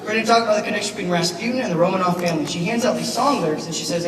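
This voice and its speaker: A man giving a keynote speech at a banquet, animated and asking the audience questions. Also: high-pitched, rapid-fire, crowd noise. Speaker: keynote speaker, teacher. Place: large banquet hall. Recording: echoey hall, mic from far off, noisy.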